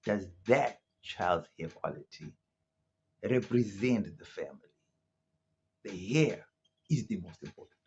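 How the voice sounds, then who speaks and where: Husky South African man, lively rambling talk. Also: lowish voice, a little slow, pauses often. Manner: conversational, rhetorical asides, frequent "right?" and "you know". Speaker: commentator. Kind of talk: casual opinion monologue. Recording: muffled lo-fi audio.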